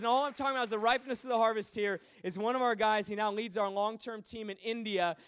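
A man preaching, telling stories with animated swings between hushed asides and loud bursts. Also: high voice, fast talker, few pauses, slight background noise. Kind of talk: sermon storytelling.

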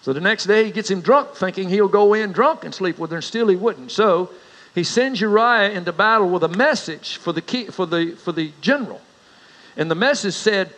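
A man's voice: fairly quick, fairly bright tone, rough recording. A middle-aged man preaching a sermon as a pastor, telling stories in a folksy way. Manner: folksy storyteller, rises in pitch for anecdotes.

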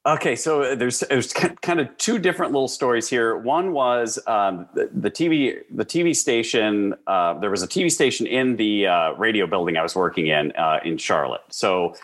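A man from the American Midwest with a fairly low voice, telling his stories as an interview guest. He talks casually and with energy, using plenty of fillers and restarts. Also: normal speed, few pauses. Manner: animated, lively storyteller with frequent fillers. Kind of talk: casual conversational storytelling.

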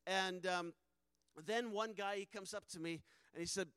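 A man's voice: sits high, a little slow, a bit bright, smooth, no room sound, poor audio. A man, a missionary, telling a personal testimony with earnest emotion and acting out the quoted dialogue. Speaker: missionary speaker.

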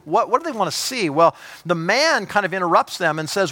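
A pastor preaching, a man with a slightly high voice. He presses his points hard, then drops to a near hush to draw listeners close. He doubles back on words as he gets worked up. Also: lively intonation, brisk, hardly any pauses. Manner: emphatic, swinging from loud urgency to hushed intimacy; repeats words and restarts when fired up. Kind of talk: sermon.

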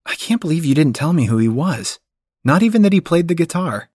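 A man voicing a young woman who is dreamy, playful and thoughtful, speaking gently with teasing turns in an audiobook reading. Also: fairly high pitch, sing-song, fairly quick, dry recording, clean studio sound, voice pushed up. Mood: surprised. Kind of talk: audiobook dialogue.

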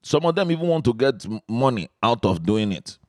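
A man's voice: mid-range voice, very animated, a little fast, darkish tone, no echo, clean studio sound. A man hosting a podcast, asking playful, teasing questions in casual chat. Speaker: podcast host.

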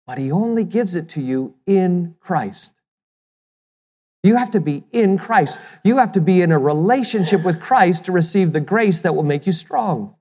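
A pastor delivers a sermon in a middle-pitched voice, pressing points home with rhetorical questions and the odd repeated word. The sound rings with the long reverb of a large hall. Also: darkish tone. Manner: emphatic, asks the listeners rhetorical questions; repeats words when restarting.

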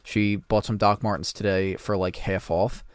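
A man's voice: fairly low pitch, little pitch movement, moderate pace. A man co-hosting a podcast, telling a rambling anecdote in casual chat and swearing a lot. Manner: rambling storytelling, frequent swearing. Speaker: podcast co-host.

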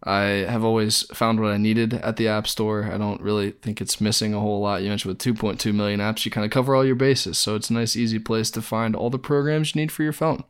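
Low smooth laid-back podcast co-host man. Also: steady tone, quick pace, few pauses. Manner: laid-back, rambling with many fillers. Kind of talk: casual sports podcast chat.

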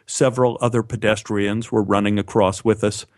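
A man's voice: moderate pace, no echo. Dry, close male storyteller. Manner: animated, lifting his pitch for quoted dialogue. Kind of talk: first-person storytelling.

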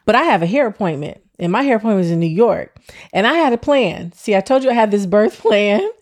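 Animated woman telling her story. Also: mid-range voice, brisk. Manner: animated, acts out her own past speech, swears freely. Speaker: interviewee recounting her childbirth. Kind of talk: personal storytelling.

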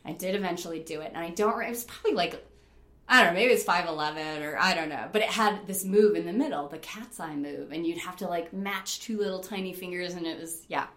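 A middle-aged woman from upstate New York telling stories in a casual interview, animated, laughing often and using lots of fillers. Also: lowish voice, fast, echoey room. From Rochester, New York. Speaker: interview guest, rock climber.

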